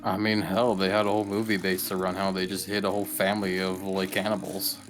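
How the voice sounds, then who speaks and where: A man's voice: low voice, level tone, fast, over music. A man chatting casually on a game stream, hesitant with fillers and dry jokes.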